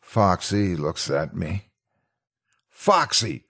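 A very deep male voice with a heavy gravelly fry and a husky breathiness. He reads a first-person horror story slowly and dramatically. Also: lively intonation. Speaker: narrator.

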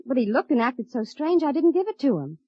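An actress playing a young legal secretary, chatty and playful, in a muffled vintage radio drama recording. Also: female voice, high voice, sing-song, fairly quick, breathy edge, no room sound, full character voice. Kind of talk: 1950s radio drama acting.

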